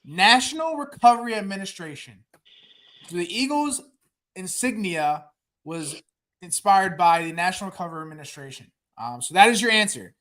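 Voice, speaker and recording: A man's voice: high voice, lively intonation, moderate pace, fairly bright tone. A man running the trivia segment of a casual sports podcast, loose and joking. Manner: loose, joking, rambling with fillers.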